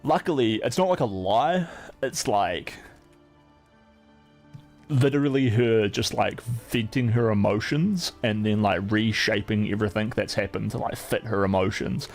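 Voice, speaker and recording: A man's voice: on the low side, unhurried, creaky, darkish tone, faint music behind. A man streaming, chatting casually in a rambling, profane way, full of "like" fillers.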